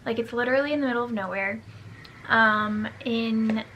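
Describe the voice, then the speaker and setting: Young woman book vlogger, bright and slightly high, rambling casual chat. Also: moderate pace, slight background noise. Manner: rambling, scattered, self-mocking asides. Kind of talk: casual reading vlog chat.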